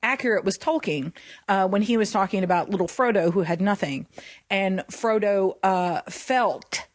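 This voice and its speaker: A woman co-hosting a Christian podcast, talking in an animated way and laughing often. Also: mid-range voice, normal speed, no room sound, clean studio sound. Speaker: podcast co-host.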